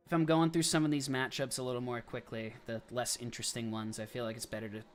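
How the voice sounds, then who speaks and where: Young male streamer, mid-pitched, casual and chatty, quick calls with asides, faint music under him. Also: fairly bright tone. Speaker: livestream host. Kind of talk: casual live-stream commentary.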